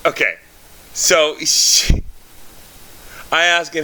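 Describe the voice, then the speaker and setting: A man chatting casually as co-host, telling an excited, rambling story with lots of fillers and swearing. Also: mid-range voice, normal speed. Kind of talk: casual chat.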